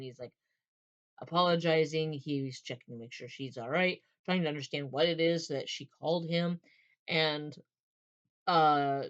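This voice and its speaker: A woman's voice: low-pitched, muffled recording. A woman casually talking through a novel's characters, rambling with many fillers and restarts. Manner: rambling, many fillers and restarts, retells scenes in quoted voices. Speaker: book reviewer. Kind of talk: casual book talk.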